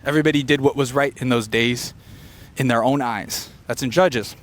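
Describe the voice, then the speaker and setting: A man doing an unfiltered stream-of-consciousness comedy monologue, rambling and fast-talking with quick tangents. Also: mid-range voice. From Filipino heritage. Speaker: comedian podcaster. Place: beach location outdoors.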